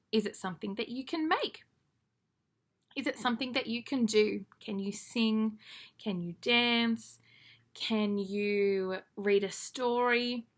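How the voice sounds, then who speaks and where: A woman's voice: fairly high pitch, a bit bright. A young woman leading a children's church lesson to camera, talking in an upbeat, encouraging way to young children.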